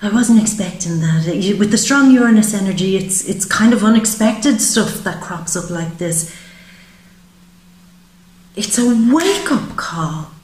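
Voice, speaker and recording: A woman's voice: mid-range voice, expressive, a little slow, a little mellow, reverberant, poor audio. A woman giving a psychic tarot reading, speaking with emotion and voicing the feelings she senses in the listener. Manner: emotive, voices the querent's feelings. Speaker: tarot reader.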